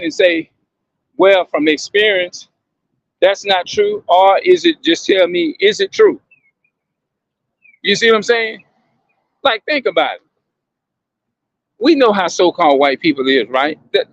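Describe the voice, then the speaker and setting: Gravelly man musing aloud to viewers. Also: high-pitched, fairly bright tone, no echo, muffled recording. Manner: questioning, repetitive, emphatic. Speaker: commentator addressing viewers. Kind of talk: casual monologue to viewers.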